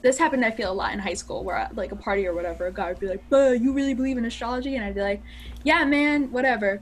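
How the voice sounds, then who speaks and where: A young woman co-hosting a podcast, telling stories in an animated, casual way and swearing freely. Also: mid-range voice, quick pace, slight background noise. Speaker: podcast co-host. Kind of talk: casual chat.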